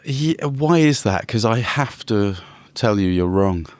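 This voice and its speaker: Low-voiced playful Englishman. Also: animated, unhurried, no room sound. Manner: playful, teasing banter. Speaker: podcast co-host. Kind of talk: casual chat.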